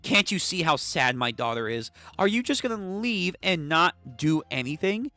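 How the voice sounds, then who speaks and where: A man's voice: fairly high pitch, big pitch swings, normal speed, sharp tone, faint music behind, heavily acted. A man voicing a prim, accusing mother who lectures a boy while reading a comic aloud. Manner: reproachful, lecturing. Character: scolding middle-aged mother, prim and accusing.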